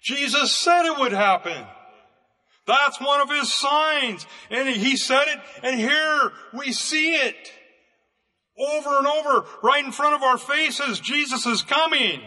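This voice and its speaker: Fervent high-voiced preacher man. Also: takes it slowly, big-room sound. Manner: fervent preaching, rising to shouts. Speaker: pastor. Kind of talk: sermon.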